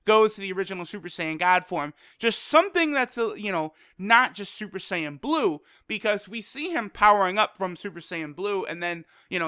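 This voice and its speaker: A man recapping an anime episode in a casual, energetic way, acting out the characters' quoted lines as he goes. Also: high voice, clear, resonant tone, no echo, studio quality. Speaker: anime reviewer.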